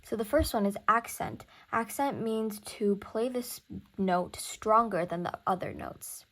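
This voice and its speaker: A woman's voice: medium pitch, unhurried, a bit bright. A young woman teaching music theory in a casual recorded lesson, thinking aloud and counting beats.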